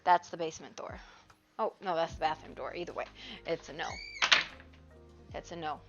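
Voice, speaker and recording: A woman's voice: low voice, moderate pace. A woman livestreamer chatting casually, playful and scolding her pets and kids in between. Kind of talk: casual stream chat. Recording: dull lo-fi stream audio, faint music.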